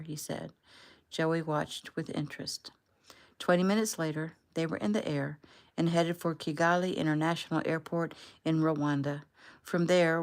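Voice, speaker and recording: A woman, the author, reading her own novel aloud in a relaxed, conversational way. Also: sits low. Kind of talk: casual audiobook narration.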